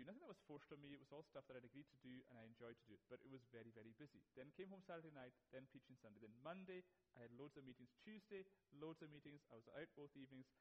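A middle-aged pastor delivers a sermon in a fairly high voice. He talks earnestly, with a plain and personal tone, and leans into repeated phrases when he wants to drive a point home. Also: rough recording. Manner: earnest, builds from quiet reflection to emphatic repetition.

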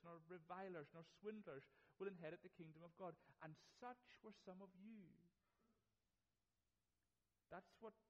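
A middle-aged pastor delivers a sermon in a fairly high voice. He talks earnestly, with a plain and personal tone, and leans into repeated phrases when he wants to drive a point home. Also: lo-fi sound. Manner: earnest, builds from quiet reflection to emphatic repetition.

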